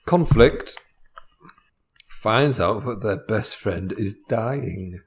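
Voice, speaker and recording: Dry, slow-talking man with wry asides. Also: lowish voice, creaky. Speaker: co-host. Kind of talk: comedy podcast banter.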